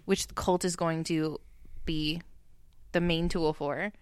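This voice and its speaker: A woman co-hosting a casual TV recap podcast, opinionated and animated, acting out characters' lines in paraphrase. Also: deep voice, slow pace, smooth, no room sound. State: tipsy from drinking. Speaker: podcast co-host.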